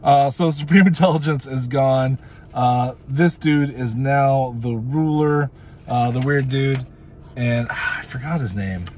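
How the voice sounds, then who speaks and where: A man talks through a show episode in a loose, casual recap at a middling pitch. He rambles and drifts into goofy asides, filling pauses with ums and uhs, over a faint hiss. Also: darkish tone. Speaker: show reviewer.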